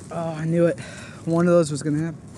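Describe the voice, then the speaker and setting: A man vlogging from a kayak while fishing, exclaiming and talking excitedly to his viewers, short of breath. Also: on the high side. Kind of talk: excited outdoor commentary. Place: on a kayak on open water. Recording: noisy outdoor recording.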